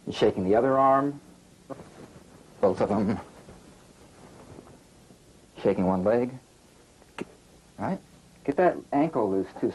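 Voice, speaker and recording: A man coaching a student through a relaxation and breathing exercise, giving calm, slow instructions with gentle prompts. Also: mid-range voice, a little hiss or hum.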